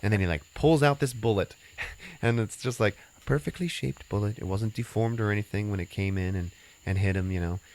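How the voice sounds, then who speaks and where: A man's voice: on the low side, fairly quick, darkish tone. A man hosting a podcast, retelling a film's plot in a loose, rambling way, full of fillers and swearing. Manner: rambling, filler-heavy and profane. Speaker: podcast host recapping a film. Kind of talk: casual movie recap chat.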